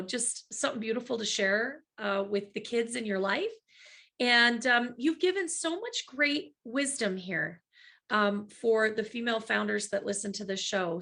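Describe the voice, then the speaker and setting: Bright, gravelly-voiced woman podcast host. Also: fairly high pitch. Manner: effusive, warmly thankful, many fillers. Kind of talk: podcast interview and outro.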